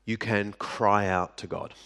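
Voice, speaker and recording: A man with a lowish voice preaches a sermon at an unhurried, measured pace. He leans into dramatic pauses and lets his voice fall quiet for effect. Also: little pitch movement. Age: adult. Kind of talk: sermon to a live audience.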